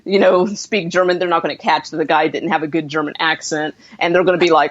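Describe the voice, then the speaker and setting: A woman co-hosting a movie podcast, blunt and quick to laugh, with some swearing. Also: fairly low pitch, lively intonation, dry recording, muffled recording. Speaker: podcast co-host. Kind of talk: casual chat.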